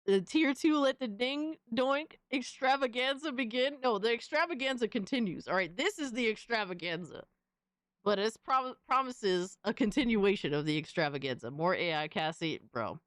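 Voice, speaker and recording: A woman's voice: a little high, lively intonation, moderate pace, no echo. Chatty young woman streamer, dry sound. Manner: chatty, swears casually, coos at her cat. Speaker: live-stream host. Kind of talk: casual live-stream chat.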